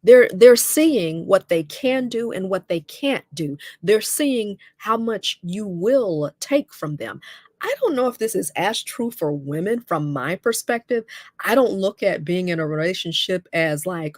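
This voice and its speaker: A woman's voice: mid-range voice, animated, unhurried, a little mellow, no echo, studio quality. A middle-aged woman hosting a livestream talk on relationships, speaking conversationally and emphatically, often checking in with "okay?". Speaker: host.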